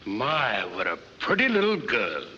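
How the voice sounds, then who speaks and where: A man's voice: medium pitch, huge pitch swings, unhurried, background noise. A man playing a pompous, courtly middle-aged Texan colonel, speaking in a florid, formal and gallant way, in 1940s film comedy style. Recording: dull 1940s film soundtrack with long reverb.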